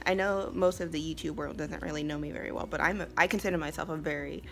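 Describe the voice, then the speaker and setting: A woman's voice: low-pitched, fairly even intonation, fast talker, gravelly, fairly bright tone, soft background music. A young American woman telling a story in a casual vlog, chatty and emphatic, laughing often. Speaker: vlogger and English teacher abroad.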